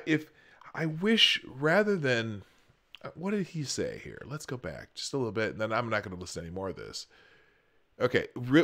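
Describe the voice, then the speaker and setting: A man's voice: medium pitch, a bit bright. A man hosting a live stream, commenting sarcastically on a political speech and rambling with many restarts and fillers. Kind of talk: casual commentary.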